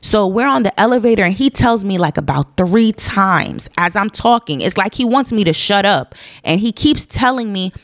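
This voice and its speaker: Casting: woman, casual storytime vlogger, emphatic and animated, mid-pitched, close and dry. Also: normal speed, few pauses, dry recording. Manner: emphatic, animated, repeats points for stress. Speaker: storyteller recounting a personal incident.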